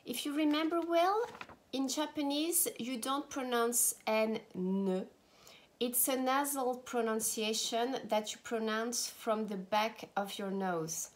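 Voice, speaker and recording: A woman with a French accent, teaching travel phrases and repeating each one slowly and clearly, talking straight to her viewers. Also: fairly high pitch. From France. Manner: slow, careful pronunciation drills, repeating phrases; friendly, direct to the viewer. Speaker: language teacher.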